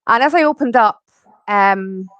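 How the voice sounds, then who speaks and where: A woman in her forties speaks as an interview guest, recounting her life in a loose, rambling way with plenty of ums and likes. Her voice sits at a middling pitch and is recorded close and dry, with no room sound around it. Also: expressive, a little slow, fairly bright tone, dry recording, lo-fi sound. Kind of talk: personal storytelling in conversation.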